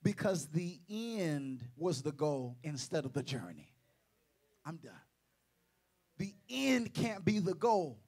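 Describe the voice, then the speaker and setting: A pastor with a high, light voice delivers a slow Sunday sermon with a breathy edge and big pitch swings. He drops into quiet, low asides, then climbs into loud, shouted runs of repeated phrases, joking with the congregation along the way.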